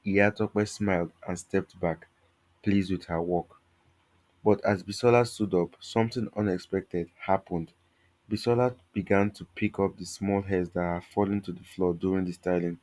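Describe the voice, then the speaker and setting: A man narrating a scripted folktale in a steady, measured storytelling manner. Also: deep voice.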